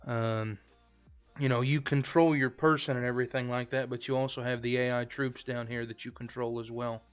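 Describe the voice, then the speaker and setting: A man's voice: medium pitch, flat delivery, normal speed, clean tone. A man streaming a game live, chatting casually to viewers in a rambling, filler-heavy way. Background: faint background music.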